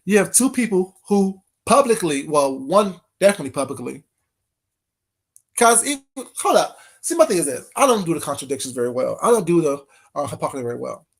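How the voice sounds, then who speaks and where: A male vlogger in a casual rant, sassy and animated. He keeps circling back with rhetorical questions and loose, rambling asides. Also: fairly high pitch, fairly quick, creaky.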